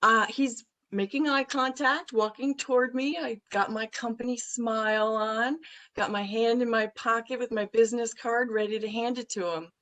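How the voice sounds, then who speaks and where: A woman guest on a business podcast, telling an anecdote in an animated, blunt way. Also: on the high side, moderate pace, rough recording. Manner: colorful, blunt phrasing. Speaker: guest, recruiting firm president. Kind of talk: podcast interview storytelling.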